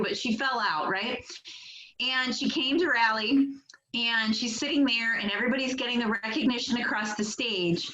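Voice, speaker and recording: A woman directs a sales team on a motivational call, upbeat and chatty, laughing often and using lots of fillers. Her voice is a little high, bright and forceful, with slight hiss or hum on echoey, dull lo-fi call audio.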